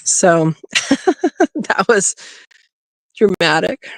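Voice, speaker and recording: A woman with a lowish, slightly bright voice speaks extremely slowly, in clean studio-quality sound with no room sound. She hosts a homesteading livestream recorded on a phone outdoors by a rabbit hutch, chatting casually, cooing sweetly to her rabbit and laughing often.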